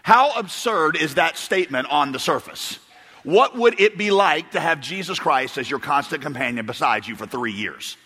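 A man's voice: on the high side, animated, normal speed, bright, forceful tone, husky. Man, pastor, sermon, chuckling storyteller, lingering echo of a big church hall. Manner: rambling storyteller, chuckles and restarts. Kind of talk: sermon with humorous stories. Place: church auditorium. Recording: long reverb of a large hall.

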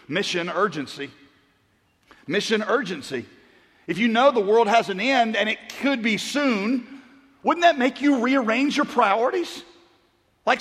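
High-voiced man preaching in a big hall. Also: slightly rough. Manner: storytelling, swings between loud punchlines and hushed earnest asides. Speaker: pastor. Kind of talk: sermon. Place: large church auditorium. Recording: long hall reverb.

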